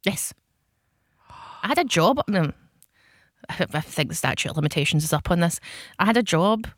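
A woman's voice: fairly low pitch, animated, normal speed, dry recording, studio quality. A woman co-hosting a casual chat, telling self-deprecating stories with frequent laughter. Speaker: podcast co-host.

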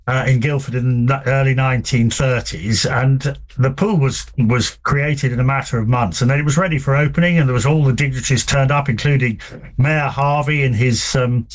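Man, author guest, relaxed, halting, mid-pitched voice. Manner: relaxed, hesitant with many fillers, anecdotal. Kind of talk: conversational interview.

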